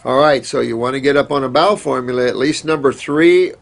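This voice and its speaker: A man with a gravelly, slightly rough voice at an ordinary pitch, hosting a casual question-and-answer show. He talks in a folksy, rambling way, stopping on fillers and restarting his sentences. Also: fairly quick. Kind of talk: casual advice talk.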